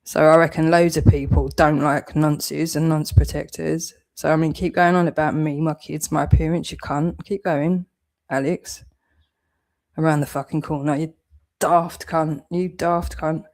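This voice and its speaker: A woman's voice: low-pitched, little pitch movement, measured pace, a little mellow. A British woman with a southeast English accent, delivering a heated, accusatory vlog rant full of swearing. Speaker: channel owner.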